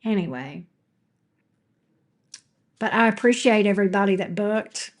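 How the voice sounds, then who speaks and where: A woman's voice: medium pitch, expressive, unhurried. A woman tarot reader chatting casually with her viewers from home. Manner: chatty, talks baby talk to her pet. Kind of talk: casual livestream chat.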